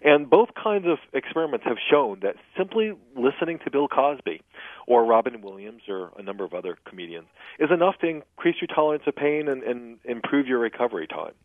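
Male phone-in guest, expressive delivery, tinny dry line. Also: mid-range voice, fairly quick, dry recording. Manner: animated explainer, tells jokes and laughs at them. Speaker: guest humor expert. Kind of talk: radio interview by phone.

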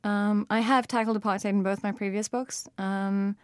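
A woman's voice: mid-range voice, fairly even intonation, moderate pace, no room sound, studio quality. A woman author with a South African accent, talking thoughtfully in an interview with frequent fillers and restarts.

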